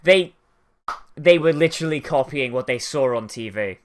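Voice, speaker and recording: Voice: medium pitch, lively intonation, normal speed, a little hiss or hum. Chatty anime reaction host, rambly, lots of likes, bouncy up and down voice. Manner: rambling, filler-heavy "like" talk with laughs. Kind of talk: casual watch-along commentary.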